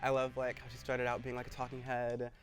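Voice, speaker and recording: Speaking a little quickly in a mid-range monotone, this young Missourian is a YouTuber guesting on a laid-back interview. He's a chatty storyteller who says "like" a lot.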